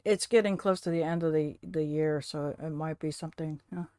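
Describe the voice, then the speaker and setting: A woman streaming from home, chatting casually and rambling to her viewers, now and then cooing softly to her cat. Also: low voice, fairly even intonation, brisk, clear, resonant tone, dry recording, clean studio sound.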